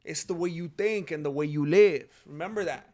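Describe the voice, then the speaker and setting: A man's voice: on the high side, fairly quick, darkish tone. A man hosting a casual livestream, joking around and reading out names from the chat. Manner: playful, joking, reads chat names aloud. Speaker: livestream host.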